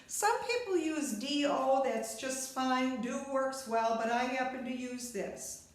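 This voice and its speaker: A woman with a high-pitched voice teaches a beginner recorder lesson in an instructional video, talking straight to the viewer patiently and step by step. She takes it slowly, and the sound is very echoey.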